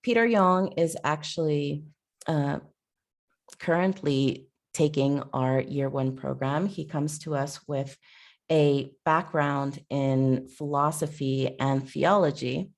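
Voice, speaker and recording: Low gravelly woman hosting a video call. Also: slow pace. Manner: stumbling over words, with fillers. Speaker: host introducing a speaker. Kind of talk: reading an introduction on a video call.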